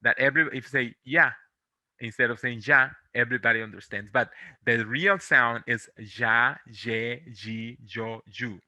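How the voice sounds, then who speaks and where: A man from America, teaching pronunciation in English, patiently drilling syllables and gently encouraging. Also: medium pitch, no echo, dull audio. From Latin America. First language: Spanish. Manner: patient, drills syllables slowly and repeats them; encouraging, gently corrects and reassures. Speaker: Spanish teacher. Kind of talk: online pronunciation lesson.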